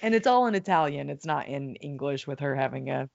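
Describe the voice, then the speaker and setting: A woman's voice: rumbling low, lively intonation, brisk, gravelly, a little mellow, highs cut off. A woman co-hosting a podcast, chatting casually with lots of fillers and giggles. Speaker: podcast co-host. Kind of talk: casual chat.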